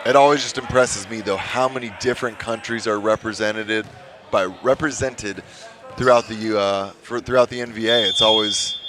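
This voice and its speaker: A man's voice: fairly low pitch, fairly even intonation, moderate pace. A man giving chatty, informative color commentary at a live volleyball match. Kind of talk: live sports analysis. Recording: commentary over loud gym noise.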